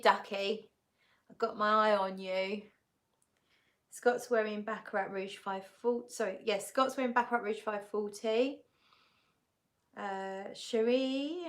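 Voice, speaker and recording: A woman's voice: a little high, a bit bright. A woman hosting a casual live-stream fragrance chat, greeting viewers and reading out their comments in an easygoing, chatty way. She sounds tired. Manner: frequent laughs and fillers, easygoing. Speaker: fragrance channel host.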